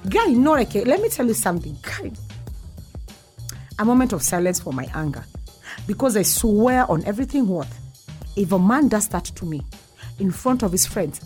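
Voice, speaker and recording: A woman's voice: mid-range voice, sing-song, normal speed, long pauses, a little mellow, faint music behind. A woman with a Kenyan accent telling a story in a casual rant. She is blunt and swears a lot, switching between English and Swahili. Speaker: vlogger.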